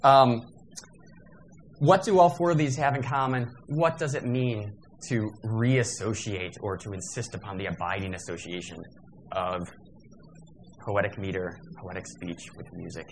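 Man, workshop lecture, lowish voice, digressive, self-correcting, faint background noise. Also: fairly even intonation, measured pace.

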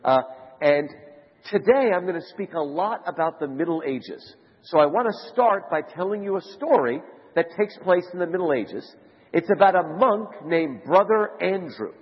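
A man giving a conference lecture to a live audience, telling stories in an animated way. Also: moderate pace, husky. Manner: animated storyteller, rising to high excited shouts. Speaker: conference speaker. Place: large conference hall. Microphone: handheld mic. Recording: lo-fi hall recording with long reverb.

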